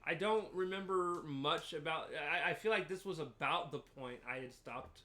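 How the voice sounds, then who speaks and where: A man's voice: on the high side, moderate pace, pushed and bright. A man hosting a podcast, explaining at length in a casual review chat with frequent ums. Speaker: podcast host.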